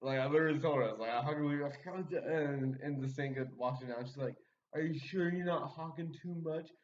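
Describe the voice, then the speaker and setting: A young man, a podcast guest, tells a story in casual chat, rambling with many fillers and laughing often. His voice is on the high side and fast. The recording is muffled and distant from the mic, with slight background noise.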